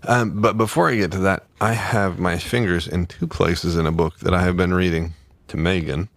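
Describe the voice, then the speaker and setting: A man's voice: sits low, fairly even intonation, normal speed, no echo. A man co-hosting a book club podcast, chatting unhurriedly with fillers and reading aloud. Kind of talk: casual chat and reading aloud.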